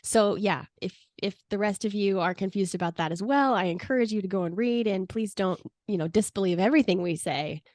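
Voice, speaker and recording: A woman's voice: mid-range voice, a little fast, hardly any pauses, darkish tone, dry recording, studio quality. A woman co-hosting a podcast. She tells stories in a chatty way and laughs often. She studied English. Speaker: podcast co-host. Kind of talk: casual podcast chat.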